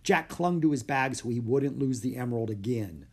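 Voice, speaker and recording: A man's voice: mid-range voice, expressive, a little mellow, breathy edge. Man narrating a children's book. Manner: measured storytelling, slowing for suspense. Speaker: audiobook reader. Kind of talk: scripted narration.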